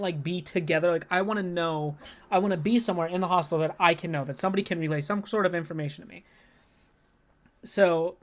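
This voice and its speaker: A man co-hosting a podcast, telling an anxious story in a rambling, profane way and saying "like" constantly. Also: on the high side. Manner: rambling, profane, heavy use of "like"; anxious, worked-up retelling. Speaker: podcast co-host. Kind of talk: casual storytelling.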